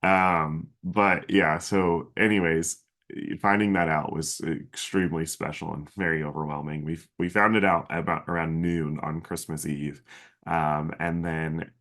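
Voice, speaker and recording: Very deep-voiced emotional man. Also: steady tone, unhurried, a bit bright. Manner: earnest, emotional, many fillers and restarts. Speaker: podcast host. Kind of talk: casual podcast storytelling.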